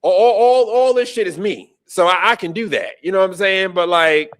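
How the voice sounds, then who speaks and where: A man with a high-pitched voice hosts a casual political podcast. He rants in profane disbelief, stacking up rhetorical questions and breaking into laughs. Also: normal speed, a bit bright. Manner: profane, incredulous ranting with laughs. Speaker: podcast host.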